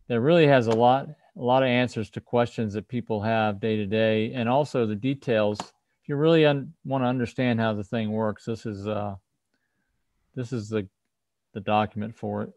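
Over a video call, a man hosting a laid-back livestream tech talk explains concepts, frequently starting his sentences over. He's a firmware developer with a mid-range, darkish voice, fairly even intonation, and normal speed, captured in studio quality with no room sound.

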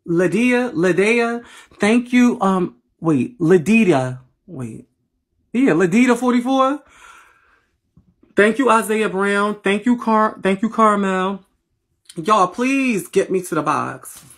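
A woman's voice: mid-range voice, lively intonation, slow. A woman from Philadelphia hosting a casual late-night livestream, sassy and playful, with slangy, profane banter as she thanks her viewers, talking into a phone. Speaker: livestream host. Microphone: phone livestream app.

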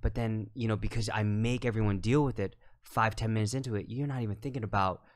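A man's voice: on the low side, fairly even intonation, fast. A man, guest on a podcast, chatting casually and telling stories full of quoted remarks and fillers. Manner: rambling storyteller, quotes others, lots of fillers. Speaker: guest filmmaker and actor.

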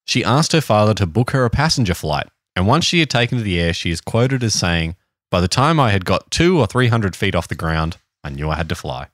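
A man's voice: fairly low pitch, big pitch swings, brisk, a bit bright, no room sound, clean studio sound. An Australian man co-hosting a podcast, telling a history story in a casual, joking chat. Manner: reads history notes, jokey asides. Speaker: podcast co-host.

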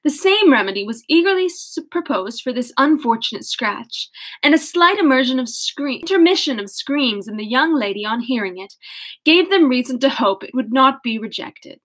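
A woman's voice: high-pitched, lively intonation, moderate pace, a bit bright. A young woman reading a classic novel aloud, casually, correcting her slips and breaking off into laughing asides. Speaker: audiobook reader.

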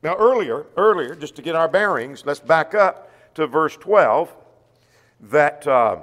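Preacher man with a higher voice, reverberant church. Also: expressive, measured pace, a bit bright. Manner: reads scripture aloud and asks the congregation rhetorical questions. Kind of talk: sermon. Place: church auditorium.

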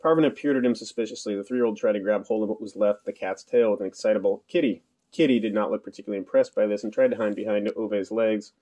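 Fast-talking low-voiced male narrator. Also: dark tone. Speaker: audiobook narrator. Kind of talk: scripted narration.

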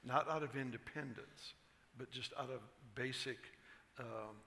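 A male pastor speaking at a conference, telling jokes in a relaxed, chuckling way before preaching. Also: medium pitch, a little slow. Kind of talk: sermon with told jokes. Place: large conference hall. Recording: echoey hall, faint noise.

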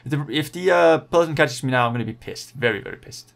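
An excitable young man talking through his gameplay live as it unfolds. He pleads with rivals, groans at setbacks and cheers his riders on in a casual, unscripted way. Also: a little high, quick pace, creaky. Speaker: gaming channel host.

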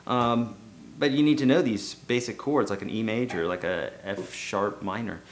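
A man's voice: fairly low pitch, normal speed, slight background noise. Laid-back man teaching guitar. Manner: loose, joking, self-deprecating. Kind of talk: casual guitar lesson. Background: guitar playing.

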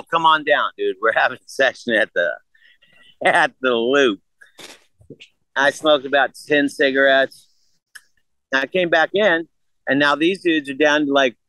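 A man's voice: medium pitch, no echo, poor audio. A man in his sixties, a podcast guest, telling a story casually and animatedly, full of swearing and quoted back-and-forth. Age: 60s. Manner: profane, animated retelling of a story with quoted dialogue.

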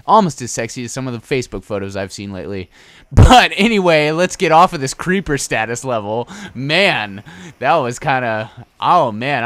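A man's voice: medium pitch, a bit bright, no room sound. A young man giving casual, rambling gameplay commentary, joking and crude as he plays. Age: young adult.

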